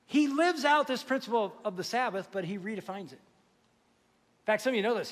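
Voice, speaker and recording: A male pastor delivering a lively, joking sermon in a church, asking the congregation questions. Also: high voice, in a large hall. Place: church sanctuary.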